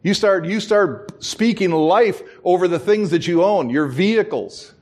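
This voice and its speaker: A middle-aged pastor's voice here is high-pitched, a little slow, and a little mellow as he preaches. His sermon relies on storytelling, acting out the characters' voices, and chuckling at himself.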